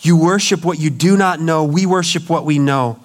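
This pastor's voice is fairly high and his speed normal as he preaches in church. His delivery is dramatic, and he acts out each quoted person's voice himself.

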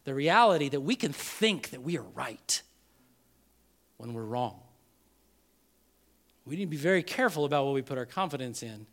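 A man preaching a sermon as pastor, animated and acting out the people in the story. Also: medium pitch, moderate pace, pauses often. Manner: animated, acts out quoted voices.

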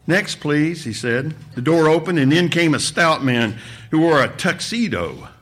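A man, a pastor, reading a story aloud with expressive delivery during a sermon. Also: fairly high pitch, normal speed. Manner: expressive storytelling, voices the characters.

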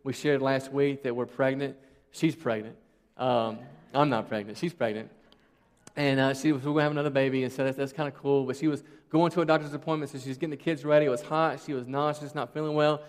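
A pastor in his thirties preaches a sermon quickly in a steady, mid-range voice, conversational yet emphatic and full of rhetorical questions. The long reverb of a large hall fills the recording.

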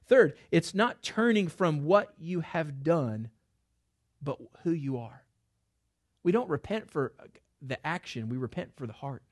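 A middle-aged man preaching a sermon in a conversational way, with quick asides and restarts. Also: high-pitched. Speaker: pastor.

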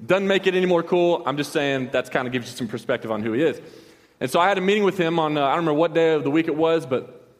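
Man, young adult, pastor telling a casual story, quick delivery, long reverb. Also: a little high. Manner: casual, rambling, with slangy asides and many restarts. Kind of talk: storytelling sermon.

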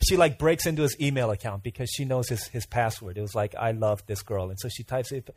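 Animated casual youth pastor, man. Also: medium pitch, fast talker. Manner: animated storytelling with fillers and asides.

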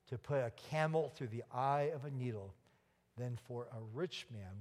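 A man preaching a sermon as pastor, emphatic, with dramatic pauses and pointed questions. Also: on the high side. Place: church sanctuary. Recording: long reverb of a church hall.

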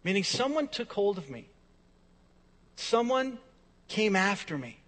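A man with a high voice preaching a sermon in a church, leaning hard on repeated phrases and swinging from soft to loud. His voice rings out with a long hall reverb behind every line. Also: sing-song, measured pace, long pauses. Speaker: pastor.

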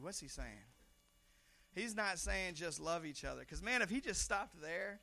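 A young man preaching a sermon in a church, talking conversationally, stumbling over repeated words and now and then shouting lines for emphasis. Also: sits high, lively intonation, a little slow, gravelly. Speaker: pastor.

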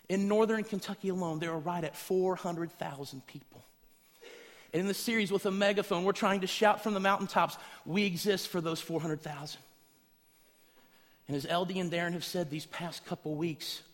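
High-voiced preacher in an echoey hall. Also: male voice. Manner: animated storytelling, acts out voices in anecdotes. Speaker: pastor. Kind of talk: sermon. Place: large church hall.

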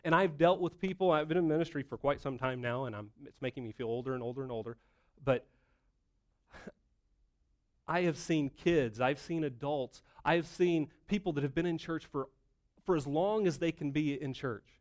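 A middle-aged man preaches with a fairly high, lively voice. His sermon is conversational and animated, built on rhetorical questions. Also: moderate pace. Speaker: pastor.

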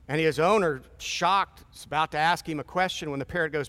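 A man's voice: a little high, brisk, hardly any pauses, a bit bright. A man in his fifties preaching a sermon in a conversational, storytelling way with wry asides. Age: 50s.

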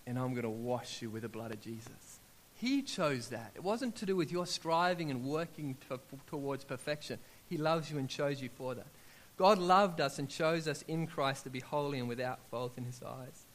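A man with a medium-pitched voice preaches a sermon in an animated, storytelling style, acting out his own prayers as he goes.

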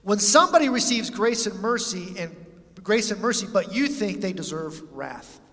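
A man's voice: high voice, lively intonation, normal speed, fairly bright tone. A man preaching a sermon in a conversational way, reading scripture and acting out quotes. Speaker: pastor. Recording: long hall reverb.

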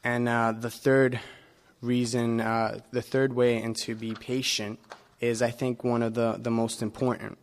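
A man preaching in a relaxed, conversational way, at a middling pitch. He talks to his listeners as if chatting, breaking up his sentences with pauses, fillers and small restarts. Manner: relaxed and personal, with many filler pauses and self-corrections. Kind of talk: conversational sermon.

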